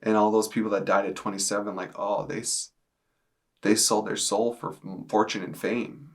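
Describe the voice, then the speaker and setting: A young man in his twenties tells his story straight to camera indoors. His voice sits low and stays fairly even in pitch. He talks casually and haltingly, leaning on lots of "like" fillers. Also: creaky. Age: 20s. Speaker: testimony speaker. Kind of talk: personal testimony to camera.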